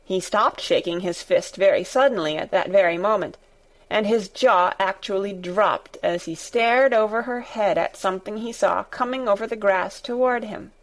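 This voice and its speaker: A woman narrating a storybook in a deliberate, expressive reading. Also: mid-range voice, low-quality recording. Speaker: audiobook narrator.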